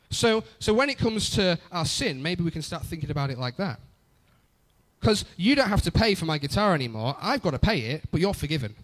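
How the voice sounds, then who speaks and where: A man's voice: a little high, a bit bright. A young adult man preaching a conversational sermon, often repeating phrases for emphasis. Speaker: pastor.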